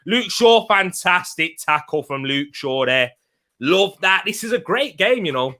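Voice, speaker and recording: A young man hosts a live football watch-along from a home streaming setup, his voice bright and a touch high for a man. He chats loosely, breaks into laughs often, and answers viewers' comments by name between reactions to play. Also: expressive, a little slow.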